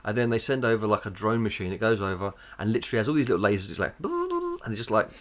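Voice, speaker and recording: A man's voice: lowish voice, steady tone, racing. A man co-hosting a podcast in casual chat, jokey and swearing freely. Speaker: podcast co-host.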